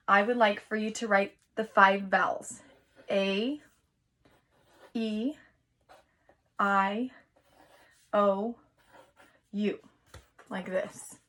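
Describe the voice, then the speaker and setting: Woman teacher talking to little kids at home, patient, encouraging, sounds out words slow. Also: a little high, a bit bright. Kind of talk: recorded home lesson for young children.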